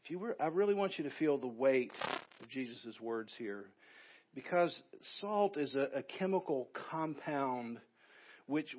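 A man's voice: fairly high pitch, dull audio. A man preaching a sermon as pastor, building emphasis through repeated phrases.

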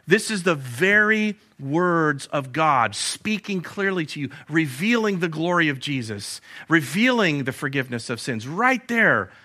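A male pastor preaching a sermon in a church, animated, with rhetorical questions and read-out quotes. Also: on the high side. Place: church sanctuary.

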